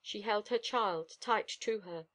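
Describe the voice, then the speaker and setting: A woman narrating an audiobook in steady, expressive storytelling, told as the dog's own account. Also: medium pitch, unhurried.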